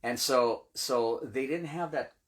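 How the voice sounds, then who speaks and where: A man with an ordinary mid-range voice leads a relaxed Bible discussion as a pastor. He retells scripture in plain, everyday language and keeps checking in with his listener. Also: medium pitch, takes it slowly. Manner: informal, explains scripture in everyday words with frequent "right?". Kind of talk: casual Bible teaching chat.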